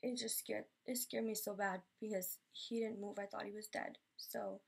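A woman's voice: medium pitch, fairly even intonation, moderate pace, vocal fry, breathy edge. A young woman telling personal stories in a Q&A vlog, rambling and emotional with many fillers. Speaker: vlogger.

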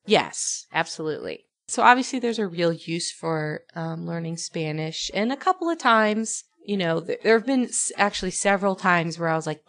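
A woman from New Mexico co-hosts a podcast, retelling a story in an animated, casual way and laughing often. Her voice sits on the low side, and she talks at a moderate pace with few pauses.

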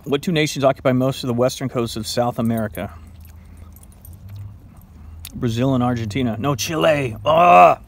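A man's voice: mid-range voice, moderate pace, long pauses. A man casually quizzing himself on trivia while eating, playful and self-mocking, now and then talking to his dog. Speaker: vlogger.

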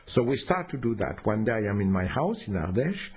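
A man's voice: on the low side, very animated, a little fast, a little mellow. A man telling a personal story in an unscripted, hesitant way, with restarts and fillers.

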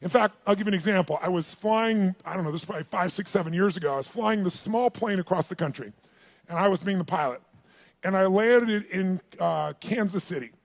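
A man's voice: sits high, a little fast, gravelly. A man telling a story at a motivational seminar, acting out the dialogue and calling on the live audience to answer. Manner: animated, acts out dialogue, calls on the audience. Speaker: motivational speaker.

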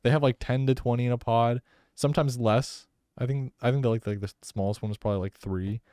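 A man's voice: medium pitch, clear, resonant tone, no room sound, clean studio sound. A young man co-hosting a college radio show, chatting loosely and rambling. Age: young adult. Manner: rambling, animated, quick to laugh. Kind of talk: casual chat. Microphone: studio microphone.

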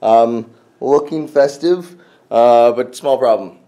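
A man's voice: mid-range voice, slow, dark tone. Young guy vlogging behind the scenes, jokey, just chatting to the camera. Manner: joking, playful narration. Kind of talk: casual behind-the-scenes vlog.

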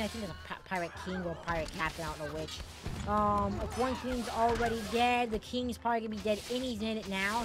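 Woman host, fairly high voice, excitable gameplay commentator who swears a lot, faint music behind. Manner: excitable, swears freely, bursts into shouts and laughter. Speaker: gaming channel host.

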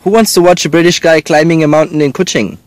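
A man behind the camera, bantering bluntly and deadpan with the host outdoors. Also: fairly high pitch, fast. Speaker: cameraman and sidekick. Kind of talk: teasing banter.

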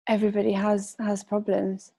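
A young woman chatting as an interview guest, her voice at an ordinary middle pitch. She talks loosely, with lots of fillers and frequent laughs, and she gets emotional. The sound is close and dry. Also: monotone, moderate pace, creaky, mellow, slightly rough, no echo. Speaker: podcast guest. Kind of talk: casual interview chat.

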